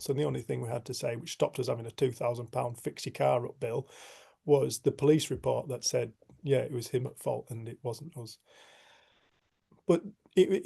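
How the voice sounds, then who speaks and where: Animated man telling a story. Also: medium pitch, gravelly. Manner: animated, acts out quotes, laughs often. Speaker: group facilitator. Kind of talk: casual storytelling in a group discussion.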